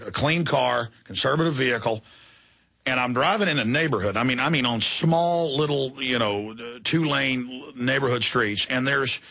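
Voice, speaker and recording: A middle-aged talk radio host with a gravelly, sharp-toned, mid-range voice sounds worn out after a very long broadcast. He tells a story in a rambling, heated way, restarting over and over.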